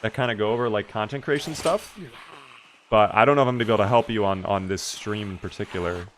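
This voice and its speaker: A man's voice: on the low side, fast, a little hiss or hum. Chatty male streamer, casual gaming talk. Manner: chatty, relaxed, reads and answers chat.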